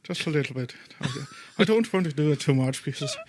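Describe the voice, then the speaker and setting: Soft-spoken, hesitant man co-host. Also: fairly high pitch, expressive, fast, a little hiss or hum. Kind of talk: casual chat.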